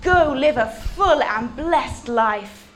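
A woman voicing a calm, patient man who speaks slowly and gently. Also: high voice. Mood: tender.

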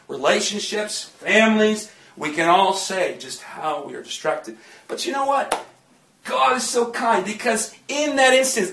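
A man's voice: high-pitched, sharp tone. A man preaching a sermon in a chatty way, often laughing and joking with the congregation in a church. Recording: echoey church from a distant mic.

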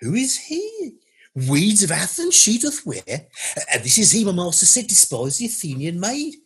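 A man reciting verse as a mischievous male fairy servant, in a put-on Birmingham accent, slow and sing-song. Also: high-pitched, huge pitch swings, husky, pitched above the performer's own voice, exaggerated voice. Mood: playful.

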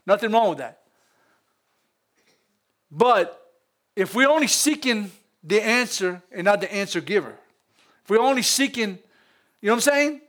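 Louisiana pastor, high-pitched male voice, lively preaching style. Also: measured pace, pauses often. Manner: lively preaching with frequent laughs and call-outs to the congregation. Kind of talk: sermon.

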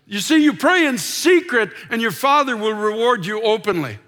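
A middle-aged male pastor preaching a passionate sermon from the pulpit, repeating words as he builds and dropping to soft, intimate tones. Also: very high voice, lively intonation, normal speed. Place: church sanctuary, from a pulpit. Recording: long reverb of a large church hall.

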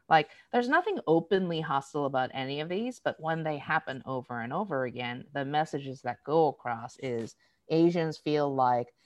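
A woman's voice: low voice, normal speed, no room sound. A woman guest in an interview, explaining ideas casually and acting out everyday exchanges, with frequent "um"s and "right?"s. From United States. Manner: animated storytelling, acting out quoted exchanges. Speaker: interview guest, diversity educator. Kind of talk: conversational explanation.

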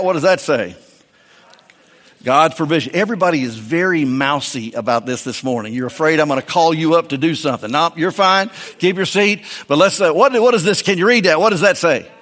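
A man preaching a sermon in a church, with a fairly high voice. He talks in a folksy, joking way with his congregation. The sound carries the long reverb of a large hall. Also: a bit bright. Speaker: pastor.

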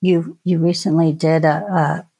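A middle-aged woman talking as a podcast guest in a casual, reflective way, often pausing and restarting her sentences. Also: deep voice, flat delivery, dark tone, husky. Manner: hesitant, many restarts and ums.

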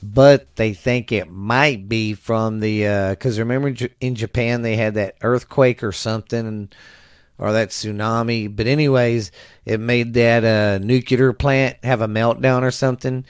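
A man's voice: medium pitch, fairly even intonation, a little slow, clear, resonant tone, no room sound. Middle-aged man, podcast host, profane stammering rant, dry close sound. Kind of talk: casual rambling monologue. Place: home at night.

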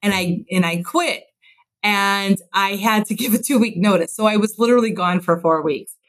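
A woman's voice: mid-range voice, moderate pace, rough recording. A woman in her fifties from Chicago, a construction executive telling stories in an interview, earnest and reflective, laughing at herself. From Chicago, USA. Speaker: construction executive, podcast guest. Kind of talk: casual interview storytelling.

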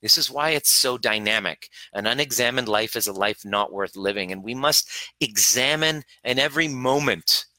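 A man's voice: mid-range voice, moderate pace, sharp tone, no echo, rough recording. A man coaching a live online workshop on boundaries, blunt and swearing freely, acting out the voices in his head. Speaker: relationship coach.

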